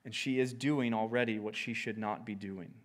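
A man preaching an expository sermon, slow and emphatic, rising sharply in pitch and volume on key phrases. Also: steady tone.

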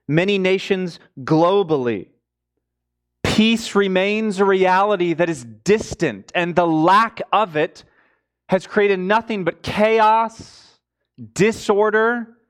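A man delivering a sermon in a high, light voice. He speaks slowly and deliberately, pushing key words up high and loud, then sinking into low, quiet asides. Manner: emphatic, swings between raised high stresses and low quiet asides. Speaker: preacher.

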